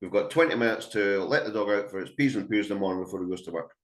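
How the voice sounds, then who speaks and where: Racing along in a lowish voice with a roomy sound, the Scottish trainer addresses a live indoor audience in a chatty, emphatic webinar, acting out calls to a dog.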